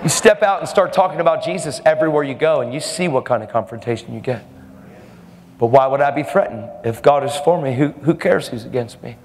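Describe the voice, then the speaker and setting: A man's voice: mid-range voice, expressive, brisk, long reverb tail, slight background noise. A man preaching a fervent, emphatic sermon, laughing now and then between points.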